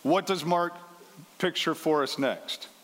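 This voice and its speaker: A pastor preaching a conversational sermon, walking through a scripture passage and briefly acting out the voices in it. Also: male voice, on the high side, slow, a bit bright. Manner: conversational, acts out the quoted lines. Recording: long hall reverb.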